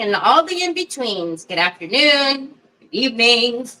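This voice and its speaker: A woman's voice: a little high, expressive, measured pace, pushed and bright, a little hiss or hum, poor audio. A woman hosting a casual craft livestream, chatting to viewers by name, laughing often and teasing herself. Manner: self-deprecating and giggly.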